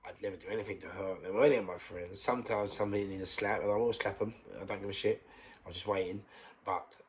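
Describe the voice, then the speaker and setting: Low-voiced London man telling a story. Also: steady tone, fast, slight background noise. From England. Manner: swings between hushed and loud, repeats phrases. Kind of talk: casual personal storytelling.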